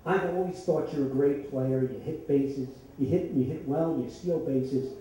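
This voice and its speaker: A man's voice: mid-range voice, unhurried. Older man telling a wry story in an echoey hall. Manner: wry, conversational, deadpan punchlines. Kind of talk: live story slam telling. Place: stage in an echoey hall with an audience. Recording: echoey hall, distant mic, faint noise.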